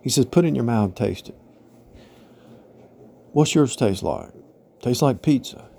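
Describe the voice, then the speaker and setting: A religious teacher delivers an informal spiritual monologue, rambling and repeating himself as he tells parables and checks in with "right?" and "you know?". His mid-range voice is warm, slightly rough and unhurried, with lively intonation and vocal fry.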